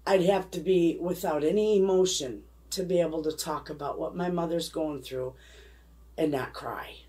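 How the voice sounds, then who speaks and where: This middle-aged woman hosts a homesteading channel and talks to the camera in a casual, rambling, heartfelt way. Her voice is deep and mellow, moving at a normal speed as she gets emotional with her viewers.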